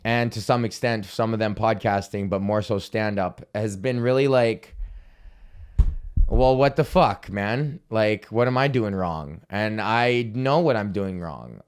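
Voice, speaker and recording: A man's voice: on the low side, smooth. A young man hosting a solo comedy podcast, ranting in a profane, rambling, self-deprecating way. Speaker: podcast host.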